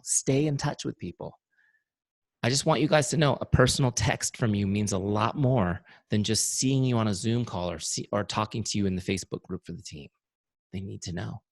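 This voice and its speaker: A man's voice: lowish voice, no echo. A man teaching an online sales training, emphatic and direct, often repeating key phrases and talking to the audience as "you guys.". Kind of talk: motivational webinar teaching.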